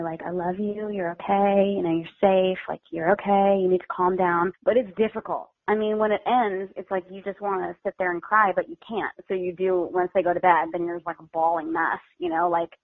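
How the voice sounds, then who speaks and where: A woman's voice: lowish voice, vocal fry, dry recording. Young woman on a phone line, tinny and dry, chatty, says like and you know a lot, heartfelt. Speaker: foster parent guest. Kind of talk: casual interview over the phone.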